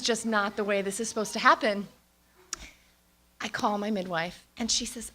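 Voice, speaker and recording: A woman in her thirties telling a candid, lively personal story and acting out her own reactions. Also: medium pitch, measured pace, pauses often.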